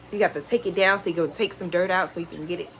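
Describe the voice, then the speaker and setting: A woman vlogger chatting casually at home, retelling stories in an animated, exclaiming way. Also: on the low side, racing, slight background noise. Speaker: lifestyle vlogger. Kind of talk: casual storytelling chat.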